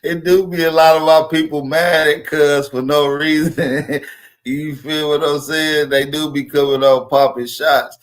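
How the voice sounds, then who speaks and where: A man's voice: fairly high pitch, level tone, measured pace. A man hosting his channel in casual livestream talk, loose and rambling with slang. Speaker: channel host.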